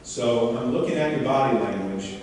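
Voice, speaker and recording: A man giving a live workshop demonstration to an audience and coaching a volunteer on stage in an animated, questioning way. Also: mid-range voice, moderate pace, heavy background noise. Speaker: seminar speaker. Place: large hall before an audience. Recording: echoey hall, mic far off.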